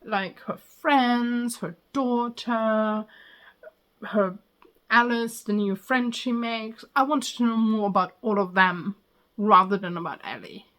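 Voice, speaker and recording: A woman's voice: on the high side, slow, fairly bright tone. Chatty woman giving a casual review. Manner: chatty, frequent ums and likes. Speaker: book reviewer. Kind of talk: casual spoken book review.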